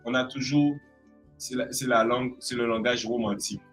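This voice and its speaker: A man's voice: mid-range voice, fairly even intonation, a little fast, a bit bright, breathy edge, soft background music, poor audio. A man from Guadeloupe with a Guadeloupean French accent, chatting in an interview and acting out expressions with playful voices. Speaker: creative arts specialist guest. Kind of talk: casual interview chat.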